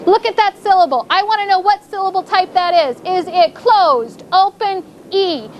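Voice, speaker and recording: A woman's voice: very high-pitched, moderate pace, a little hiss or hum. A woman teaching a fourth grade phonics lesson in a classroom, drawing out her prompts and repeating cues as the class thinks.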